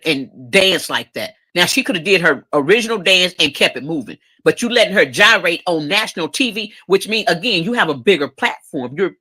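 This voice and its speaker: A woman's voice: on the low side, sharp tone, breathy edge. A woman giving emotional, opinionated commentary on her channel, sarcastic and emphatic, repeating her points. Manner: emotional, says she cries easily. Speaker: commentary vlogger.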